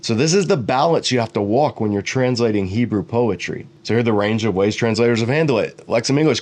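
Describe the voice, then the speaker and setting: A middle-aged man teaching Bible commentary, explaining Hebrew words and reading translations aloud with quick asides. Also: medium pitch, animated, darkish tone.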